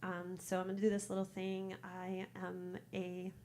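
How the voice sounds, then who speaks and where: A woman's voice: lowish voice, monotone, normal speed, warm tone. Minnesota lady in her 50s rambling on a coffee shop stage, lots of ums, faint room noise behind. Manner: nervous, chatty, rambling with fillers and laughs. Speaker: open mic performer. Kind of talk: casual chat before a poem.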